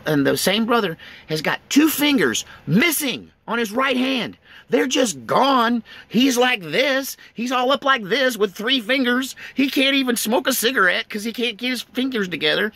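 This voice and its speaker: Gravelly, lively East Texas man telling a story. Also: high voice, moderate pace. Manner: rambling, chuckling between lines. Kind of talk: casual spoken storytelling.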